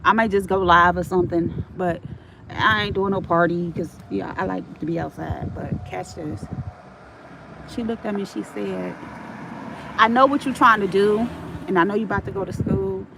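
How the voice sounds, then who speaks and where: A woman's voice: mid-range voice, moderate pace, gravelly. A middle-aged woman telling stories on a casual livestream, frank and streetwise, swearing freely, with faint traffic noise behind her.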